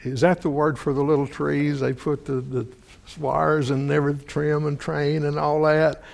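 A man preaching a sermon, halting and repeating words often, asking his listeners questions. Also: a little high, little pitch movement, gravelly. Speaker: preacher or Bible teacher. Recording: long hall reverb.

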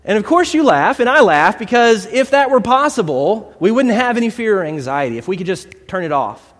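Lively conversational preacher man. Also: high voice, a little fast. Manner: conversational, storytelling, rhetorical questions. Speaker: pastor. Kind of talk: sermon. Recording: long hall reverb.

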